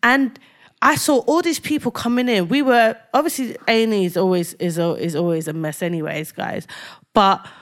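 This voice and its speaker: Animated young woman. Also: medium pitch, normal speed. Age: young adult. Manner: animated, acts out quoted exchanges with rising intensity. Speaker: podcast co-host. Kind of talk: casual chat.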